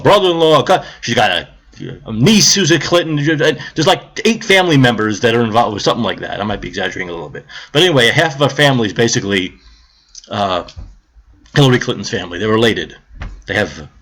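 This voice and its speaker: A man's voice: medium pitch, a bit bright. A man hosting a live stream, delivering a sarcastic political rant, mocking others and swearing.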